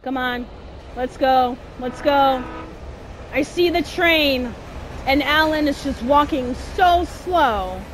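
A woman's voice: sits high, slow, slight background noise. A woman streaming gameplay, talking back to the game in casual slang, exasperated and swearing as she plays. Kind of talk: live gameplay commentary.

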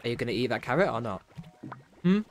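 A young man in casual gameplay commentary, excitable and chatty, talking to himself with lots of fillers. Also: medium pitch, fast. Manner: excitable, chatty, full of fillers and self-talk. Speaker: gameplay streamer. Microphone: desk microphone with keyboard noise.

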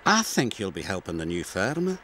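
A British man voicing a cheerful young female tank engine, with bright, helpful chatter. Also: sits low, wildly swooping pitch, fairly quick, a little hiss or hum, pitched below the performer's own voice, full character voice.

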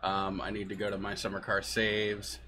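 A man's voice: lowish voice, monotone, normal speed, bright, forceful tone, slight background noise. A man streaming a game, giving rambling, jokey commentary and often laughing at his own jokes. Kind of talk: casual gameplay commentary.

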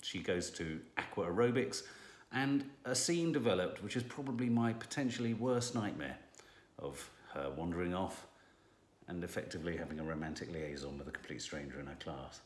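A man's voice: deep voice, normal speed, a little hiss or hum. A middle-aged man co-hosting a casual TV review chat at home, chatty and teasing. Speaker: co-host reviewing a TV drama. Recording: echoey room.

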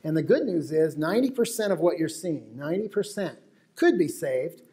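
American guy giving a talk, slightly high voice, chatty storyteller tossing questions at the crowd. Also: animated, moderate pace, mellow. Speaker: wildlife photographer giving a talk. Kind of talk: lecture to an audience. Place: auditorium with live audience.

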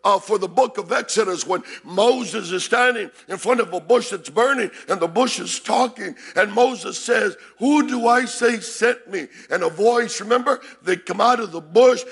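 High, gravelly preaching pastor, man. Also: moderate pace, few pauses. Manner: shouts and repeats phrases, calls to congregation. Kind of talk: sermon. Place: church sanctuary.

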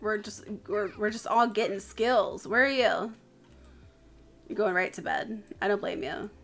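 A woman streamer gives live commentary as she plays a game, and she sounds worn out. She speaks slowly, with a gravelly fry in her voice, and keeps addressing her characters directly in a chatty way. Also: medium pitch, a bit bright. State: tired.

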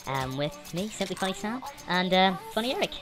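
A woman hosting a gaming channel, yelling and laughing through excited gameplay commentary. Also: mid-range voice, a little fast, music in the background, low-quality recording. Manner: shrieks and yells at the game, laughs a lot.

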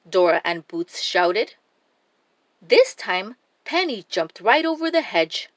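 A woman reading a children's picture book aloud, her voice moving up and down with a lot of expression. She takes an unhurried pace, and the sound is close and dry. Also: mid-range voice, dry recording. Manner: expressive, animated read-aloud. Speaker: storybook reader.

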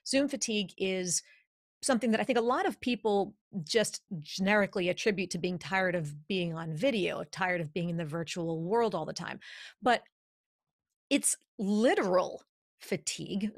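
A woman hosting an instructional podcast as a voice coach, speaking in an energetic, emphatic, demonstrative way into a studio podcast microphone in a home studio. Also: medium pitch, no room sound.

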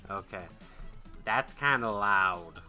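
A man giving casual gameplay commentary, excitable and swearing, jumping between loud yelps and muttered grumbles. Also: fairly low pitch, slow, soft background music. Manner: swears and trash-talks the game. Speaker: gaming channel host.

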